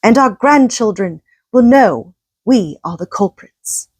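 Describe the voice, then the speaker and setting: A woman's voice: on the high side, expressive, slow pace, breathy edge, dry recording, pitched above the performer's own voice, exaggerated voice. A woman doing a pompous English politician. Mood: warning. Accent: put-on English. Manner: grandiose, oratorical delivery. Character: pompous British male politician giving a grand speech.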